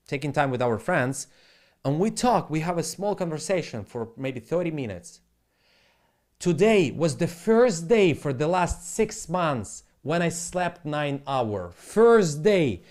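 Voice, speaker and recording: Blunt, rambling male streamer with a slightly high voice, swears freely and talks in broken English, desk mic at home. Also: darkish tone. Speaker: trading live streamer. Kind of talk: casual live stream monologue. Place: home live stream setup.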